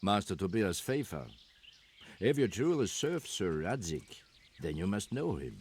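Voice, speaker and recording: An actor playing a guarded, secretive soldier, speaking in measured, formal video game dialogue. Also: male voice, lowish voice, very animated, darkish tone, slight background noise. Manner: measured, formal, stiff old-fashioned phrasing.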